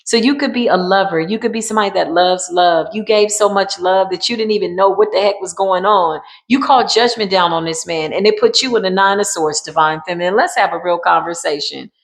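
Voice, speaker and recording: A woman's voice: on the low side, brisk, gravelly, hardly any pauses. Emphatic woman giving a tarot reading. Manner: emphatic, repetitive, colloquial, addresses viewers as y'all. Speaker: tarot card reader. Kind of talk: casual intuitive tarot reading.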